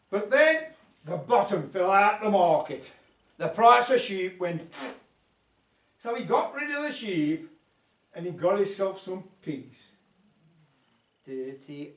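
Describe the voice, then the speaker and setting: A man's voice: high voice, exaggerated voice. A man voicing a boastful, womanising male sheepdog who chats on as he tells his life story, recorded at a folk club. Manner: chatty yarn-spinning, bragging. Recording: roomy club sound from far off.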